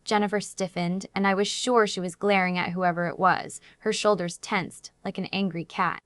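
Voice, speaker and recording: A woman reads a dramatic first-person story aloud as an audiobook narrator. Her pitch sits in the middle and her delivery stays even and steady. The recording is close and dry. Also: moderate pace, hardly any pauses, clear, resonant tone, no echo.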